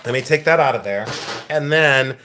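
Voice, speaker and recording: A man's voice: medium pitch, normal speed, bright, forceful tone, a little hiss or hum. A man hosting a live-streamed jewelry auction, chatting and joking as he shows each lot. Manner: joking, chatty, self-mocking. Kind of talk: live-stream sales patter.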